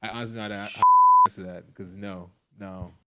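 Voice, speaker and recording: A man's voice: sits low, steady tone, a little fast, heavy background noise. A man from Brooklyn, a former pro wrestler, chatting as a guest in a comedic interview. He rambles with many restarts and apologies. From Brooklyn, New York. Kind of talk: casual comedic interview banter.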